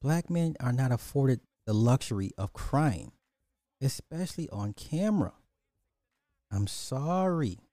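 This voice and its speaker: A man's voice: mid-range voice, unhurried, no room sound, clean studio sound. A man hosting a reaction video, talking casually with jokes and bursts of laughter. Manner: animated, joking, breaks into laughter.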